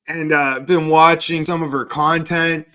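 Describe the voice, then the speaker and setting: Brief: male streamer, crude and sarcastic, slow-talking, bright tone. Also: a little high, flat delivery, smooth. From Canada. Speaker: livestreamer. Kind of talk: profane livestream banter reading chat.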